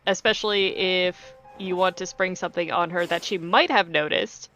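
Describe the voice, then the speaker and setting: A woman running a tabletop game as game master, unhurried and thinking aloud. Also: fairly low pitch, a bit bright, soft background music. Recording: dull lo-fi stream audio.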